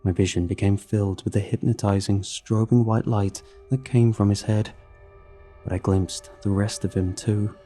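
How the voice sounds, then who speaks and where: A man reading a horror story aloud in a measured, steady narration. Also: lowish voice, soft background music.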